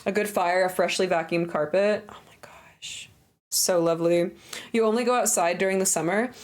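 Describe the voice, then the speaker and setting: A woman's voice: on the low side, fairly even intonation, a little fast. A young woman livestreamer chatting casually with her viewers, crude, joking and playful. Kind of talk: casual stream chat.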